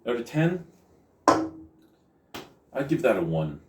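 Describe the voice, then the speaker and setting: A man's voice: mid-range voice, very animated, extremely slow, reverberant, far from the mic, very noisy. A man giving a casual beer review, exasperated and swearing, often repeating himself. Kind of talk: casual video review rant.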